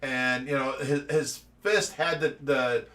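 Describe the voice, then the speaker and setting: This time the live-stream host from Ohio takes it slowly in a mid-range voice, still picked up from a distance. His casual storytelling stays energetic and animated, punctuated by frequent laughs.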